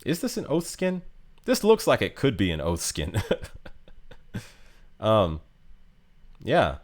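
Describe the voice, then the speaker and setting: A man's voice: fairly low pitch, wildly swooping pitch, slow. A man casually talking through a game character ranking, rambling with many fillers and restarts. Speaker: game guide youtuber.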